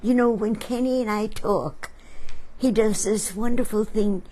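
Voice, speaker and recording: A woman hosting a talk, telling reflective stories about friends to an audience in a slow, thoughtful way. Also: medium pitch, mellow, slight background noise, low-quality recording. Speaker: artist and host.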